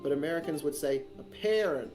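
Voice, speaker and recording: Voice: mid-range voice, normal speed, over music. An Australian streamer chatting casually while gaming, joking and laughing often.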